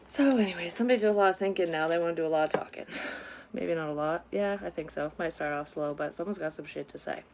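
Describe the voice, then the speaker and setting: A woman's voice: fairly low pitch, quick pace, creaky, a little mellow, slight background noise. A woman giving a casual psychic reading to her viewers, rambling, sighing and swearing freely as she talks. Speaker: psychic medium doing a reading.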